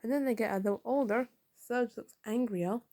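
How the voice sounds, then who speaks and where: A woman with a mellow, relaxed tone that sits a little higher than most. She talks through a comic book in a casual review, walking through each panel and reading the characters' lines aloud as she goes. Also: normal speed. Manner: recaps panels and reads dialogue aloud.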